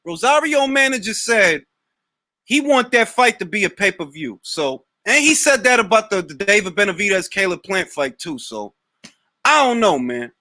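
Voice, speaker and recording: A man hosting a live boxing Q&A, answering chat comments in a blunt, slangy, animated way. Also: high voice, moderate pace, no echo. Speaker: boxing talk show host.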